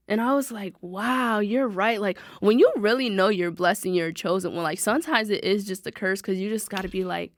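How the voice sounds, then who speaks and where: Lively woman hosting a self-help podcast. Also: medium pitch, no echo, clean studio sound. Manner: animated, talks to listeners directly, quick asides. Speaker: podcast host. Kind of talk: casual self-help monologue.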